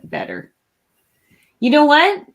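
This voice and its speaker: A woman's voice: high-pitched, slow. Chatty woman co-hosting a show. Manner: chatty, animated banter. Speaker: co-host. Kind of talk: casual chat.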